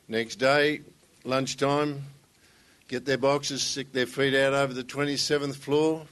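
A man's voice: mid-range voice, fairly even intonation, a little slow, a bit bright. A man, a guest speaker who opens a church talk with a joke and tells it in a folksy, conversational way. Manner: folksy storyteller, conversational, some restarts. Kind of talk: sermon with joke.

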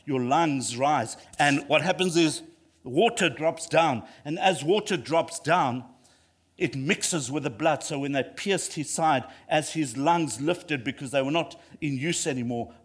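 Male preacher, high voice, emphatic, repeats phrases, builds to passionate peaks. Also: takes it slowly, slightly rough. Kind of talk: sermon.

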